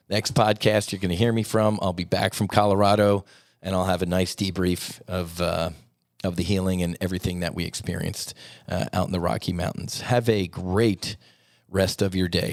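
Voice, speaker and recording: Earnest man with a low voice. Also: no room sound, studio quality. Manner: earnest, repetitive, often says "man". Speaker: podcast host. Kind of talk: reflective podcast monologue.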